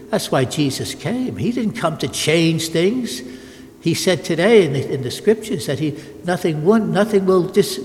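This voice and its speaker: A man's voice: fairly high pitch, darkish tone, big-room sound. An older man, a Catholic priest, giving an emphatic sermon with repeated phrases and frequent restarts.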